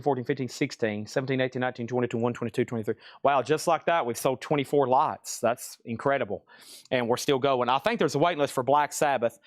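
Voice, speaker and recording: A man's voice: medium pitch, no echo. Guy hosting a live record sale, rambling and folksy, dry close sound. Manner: folksy, rambling, hums bits of songs. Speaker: live-stream record seller. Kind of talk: live sales stream chat.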